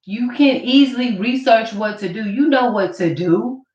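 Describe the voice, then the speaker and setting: A woman's voice: fairly high pitch, normal speed, darkish tone. A woman vlogger ranting to camera in an accusatory, mocking way, repeating her points. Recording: roomy, distant, dull camera audio.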